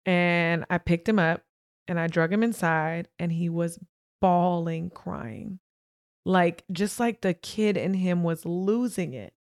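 Here a young woman on her podcast recounts something personal, addressing listeners directly in a frank, emphatic monologue. She has a lowish voice and takes her time. The sound is dry and clean, as from a studio.

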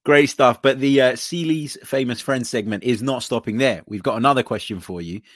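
A man's voice: medium pitch, moderate pace, a bit bright, dry recording, studio quality. A man hosting a betting podcast, reading out listener entries in an easygoing way. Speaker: podcast host.

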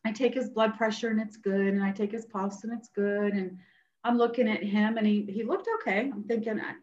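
A woman nurse practitioner telling a personal story as a guest, animated and acting out what others said. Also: medium pitch, fairly quick. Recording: roomy, dull sound.

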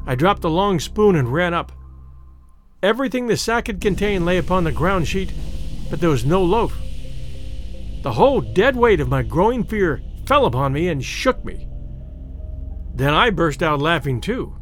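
A man narrating a classic ghost story in a measured, dramatic storytelling manner. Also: sits high, big pitch swings, faint music behind. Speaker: audiobook narrator.

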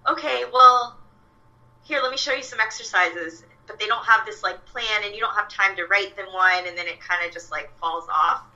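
A woman's voice: fairly low pitch, sharp tone, dull audio. A young woman, a fitness coach, chatting casually with lots of fillers and quoted asides. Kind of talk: casual podcast chat. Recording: voice a bit far from the mic.

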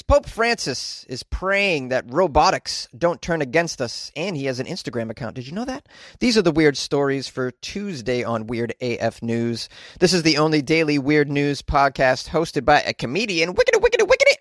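Man, comedian podcast host, slightly high voice, jokey riffing, small closet, dead dry sound. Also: lively intonation, normal speed, fairly bright tone, dry recording. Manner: jokey, playful, loosely riffing asides. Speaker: comedian hosting a daily news podcast. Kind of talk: comic news riffing.

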